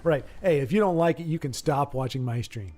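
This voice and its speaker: A man hosts a live stream of card games from home, talking in a fairly high voice. He jokes and rambles with his viewers, often stuttering over the same word before getting it out. Quiet game music plays behind him. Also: animated, fairly quick. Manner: joking, rambling, stammers and repeats words. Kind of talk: casual live-stream commentary and chat.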